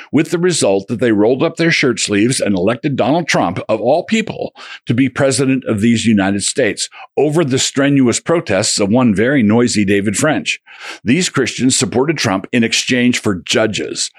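A man's voice: medium pitch, breathy edge, dry recording, clean studio sound. A man reading his own polemical essay aloud as a religious commentator, with a sardonic, combative manner and a run of rhetorical questions.

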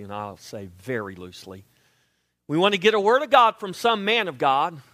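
A man preaching a sermon, animated and emphatic, sometimes dropping to a hush. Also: high voice, no echo. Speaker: pastor.

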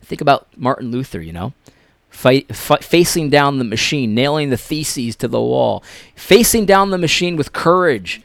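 A man giving impassioned commentary, preachy and repetitive, swinging between loud emphasis and near-whispered lines. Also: medium pitch, expressive, moderate pace, vocal fry, no room sound, clean studio sound.

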